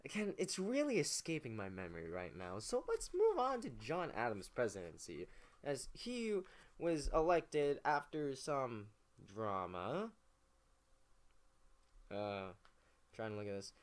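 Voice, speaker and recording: A man's voice: mid-range voice, huge pitch swings, unhurried. Rambling, profane comedic male narrator. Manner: rambling, profane, jokey, slips into mock voices. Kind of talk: casual comedic history recap.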